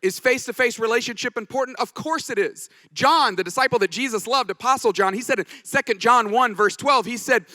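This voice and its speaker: A man's voice: extremely high pitch, a little fast, hardly any pauses, pushed and bright, dry recording. A man giving a conference talk as a pastor, telling stories with jokes along the way. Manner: anecdotal, joking storyteller. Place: conference stage.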